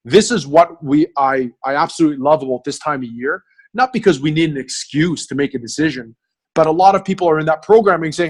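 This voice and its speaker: A man's voice: on the high side, fairly quick. A man hosting a group mastermind video call, coaching the group in an earnest way and often checking in with "right?". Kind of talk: motivational coaching talk.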